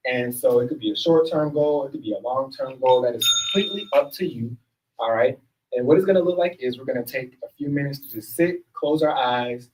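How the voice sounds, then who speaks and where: A man's voice: medium pitch, dull audio. A man facilitating a workshop, leading a room of people through affirmations in an upbeat, encouraging, casual way. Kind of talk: leading group affirmations and exercises. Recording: picked up from a distance.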